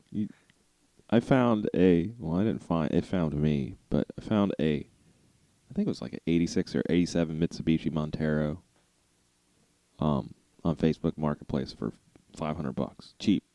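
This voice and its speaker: A man's voice: extremely low pitch, very animated, unhurried, mellow, no echo. A man co-hosting a car podcast, telling rambling stories in a laid-back way and laughing often. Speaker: podcast co-host. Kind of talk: casual chat.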